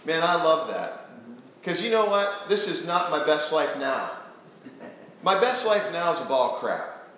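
A man preaching a sermon to a church congregation, posing questions to them in an earnest, animated way. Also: on the high side, unhurried, slight background noise. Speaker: pastor. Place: church sanctuary. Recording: very echoey church hall.

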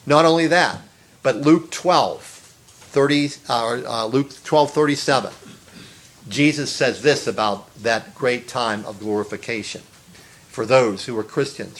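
A man's voice: medium pitch, a little slow, a bit bright. A man preaching an earnest sermon, stressing phrases, repeating words and rising to exclamations. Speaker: pastor.

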